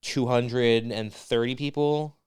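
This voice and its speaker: Guy cohosting a podcast, very smooth clear voice, crude sarcastic ribbing. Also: medium pitch, fairly even intonation, takes it slowly, darkish tone. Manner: crude, sarcastic, teasing banter. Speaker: podcast co-host. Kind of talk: casual chat.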